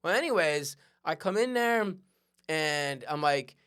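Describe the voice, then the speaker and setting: A man hosting a podcast, telling a personal story in a conversational, animated way and often checking in with "right?". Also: on the high side, a little slow, smooth. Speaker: podcast host. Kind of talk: storytelling monologue.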